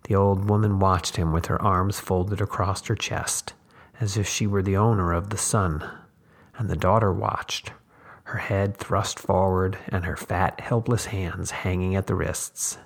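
A man, the host, reading a short story aloud in measured, unhurried scripted narration. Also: low-pitched, fairly even intonation, gravelly.

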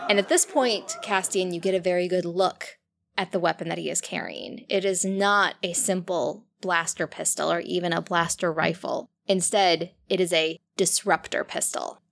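A woman's voice: on the low side, steady tone, normal speed, gravelly, a bit bright, slight background noise. A woman narrating a tabletop role-playing game as game master in the second person.

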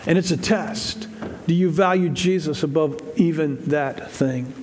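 A man's voice: fairly high pitch, unhurried, a little mellow. A man preaching a sermon as pastor, in a conversational way that repeats phrases and acts out quoted voices. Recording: reverberant hall.

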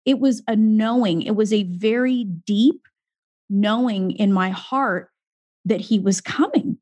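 A woman's voice: medium pitch, slow pace, a little mellow, dry recording. A woman speaking in a casual conversation as an author guest, earnest and emphatic, swearing now and then.

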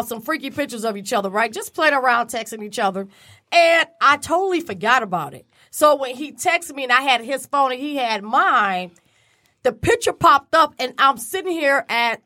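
A middle-aged woman co-hosting a casual chat show, telling stories with animated bursts of laughter. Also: sits high, normal speed. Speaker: podcast co-host.

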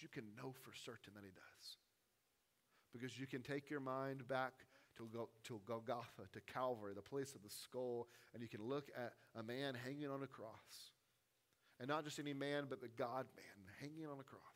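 A man, a pastor, preaching a sermon, with a delivery that swings from hushed, intimate lines to loud, rising appeals. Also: medium pitch, normal speed.

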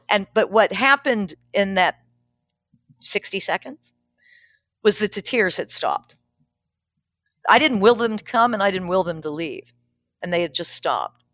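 A woman's voice: mid-range voice, fairly bright tone, dry recording. A middle-aged woman, a pastor, candidly telling a personal story in an interview, frank and plainspoken with wry humor. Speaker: pastor, guest.

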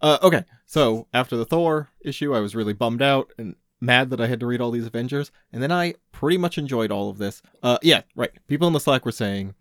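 A man's voice: mid-range voice, lively intonation, a little fast, hardly any pauses, dry recording, clean studio sound. A man co-hosting a casual comic-book podcast, rambling with many fillers and restarts. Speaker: podcast co-host. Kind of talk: casual chat.

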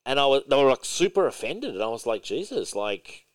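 A man with a smooth, clear voice recorded close and dry, chatting bluntly on a podcast. He talks in an offhand, casual way and swears freely. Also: mid-range voice, expressive, fast talker, no echo. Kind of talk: casual chat.

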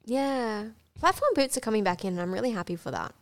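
A woman's voice: on the high side, expressive, fast talker. A young woman co-hosting a podcast, talking candidly and giggling, with lots of fillers. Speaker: podcast co-host. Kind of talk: casual chat.

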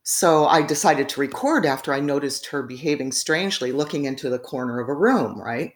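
Guest woman with a deep voice, rambling and chatty, recorded in an echoey room. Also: animated, a little fast. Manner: rambling, frequent fillers and laughs. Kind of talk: casual storytelling in conversation.

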